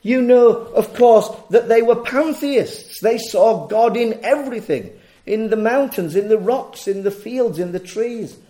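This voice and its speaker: A man's voice: high-pitched, unhurried, warm tone. A man preaching a morning sermon, emphatic and rhetorical, often repeating his key phrases.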